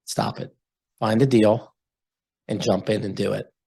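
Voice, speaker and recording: A man, a lender guest in an interview, telling stories in a blunt, animated way. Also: on the low side, moderate pace, creaky, slightly rough. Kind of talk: storytelling in an interview.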